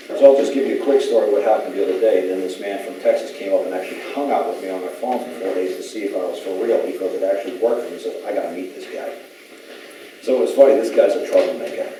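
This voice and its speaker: Man, public speaker, informal rambling talk, mellow tone, distant echoey hall recording. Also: deep voice, fast, slight background noise. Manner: rambling storyteller who acts out quoted voices. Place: large echoey room.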